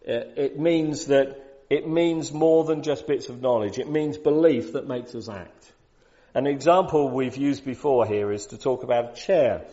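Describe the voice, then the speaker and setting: Guy giving a sermon, chatty but gets loud and emphatic, mellow tone, kinda muffled recording. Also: medium pitch, measured pace. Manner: conversational, rises to loud emphatic peaks. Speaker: preacher. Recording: dull lo-fi sound.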